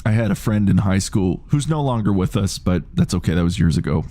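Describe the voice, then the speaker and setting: A man's voice: sits low, lively intonation, brisk, warm tone. A man in his late thirties chatting casually on a game live stream, rambling, swearing freely and reading out chat messages. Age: 30s.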